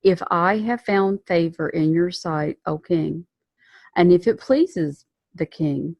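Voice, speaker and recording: A woman's voice: fairly low pitch, takes it slowly, creaky, dry recording, lo-fi sound. A woman giving a casual Bible lesson, retelling the story in a chatty way with slang and frequent self-corrections. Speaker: Bible teacher.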